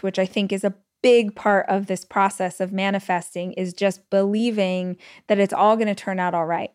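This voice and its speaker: A woman talks through her own stories on a solo podcast. She is chatty and animated, with her voice at a middling pitch. She scatters "like" through her sentences and acts out what she thought at the time. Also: clear, resonant tone. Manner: chatty and animated, with frequent "like" fillers; retells stories with quoted inner speech. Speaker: podcast host. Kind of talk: casual solo podcast storytelling.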